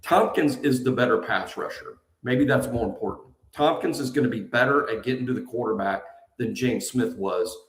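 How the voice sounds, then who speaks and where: A man's voice: medium pitch, moderate pace. A man co-hosting a casual sports talk show, emphatic and often repeating himself. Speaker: co-host. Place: nearly empty house being moved out of. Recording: echoey empty room.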